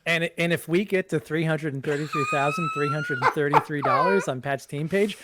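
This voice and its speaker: A man's voice: fairly high pitch, huge pitch swings, a little fast, pushed and bright, a little hiss or hum. A man co-hosting a casual livestream, joking in dry, teasing banter. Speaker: co-host and staff member.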